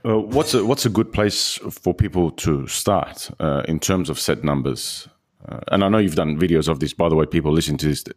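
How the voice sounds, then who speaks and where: Very deep-voiced host. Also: male voice, animated, moderate pace. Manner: hesitant, many "uh" fillers. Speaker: podcast host. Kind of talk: interviewing.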